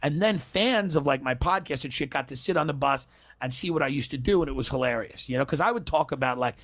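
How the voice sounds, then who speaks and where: A man telling a profane comic story in a podcast chat, with brash, quick asides. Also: medium pitch, expressive, a bit bright.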